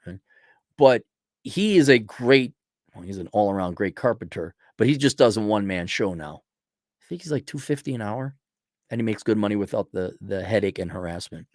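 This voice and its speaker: A man's voice: fairly low pitch, expressive, fairly quick, darkish tone, no room sound, clean studio sound. A man hosting a show, giving blunt, crude, sarcastic advice in a casual rant to a viewer. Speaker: host answering a viewer question.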